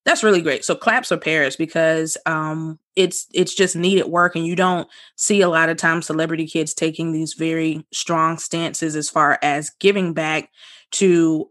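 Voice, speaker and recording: A podcast co-host chatting casually and animatedly, with many fillers and sudden jumps in pitch. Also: a bit bright.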